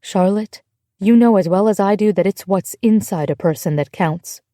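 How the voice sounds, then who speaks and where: Woman playing a gentle but firm American friend, mellow tone, dry close mic. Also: mid-range voice, normal speed, no echo, close to an everyday voice. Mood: reassuring. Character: kind, steady American woman in Paris.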